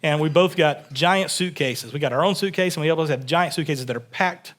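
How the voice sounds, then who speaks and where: A man from Texas preaching a sermon in a relaxed, conversational way, often repeating words as he builds his points. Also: fairly high pitch, brisk. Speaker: pastor. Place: church sanctuary.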